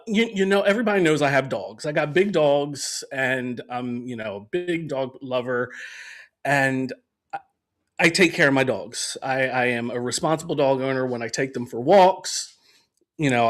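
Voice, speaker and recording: A man's voice: medium pitch, fairly bright tone. Chatty man hosting a podcast. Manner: rambling and conversational, with frequent fillers and restarts; laughs easily between remarks. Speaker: podcast host. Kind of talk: casual chat.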